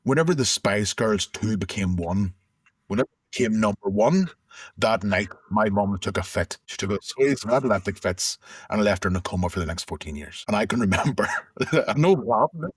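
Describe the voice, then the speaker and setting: Middle-aged man, deep and husky, candid and reflective, dry close recording. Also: fairly quick, no echo. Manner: reflective, conversational, with restarts. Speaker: interview guest. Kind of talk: candid personal storytelling.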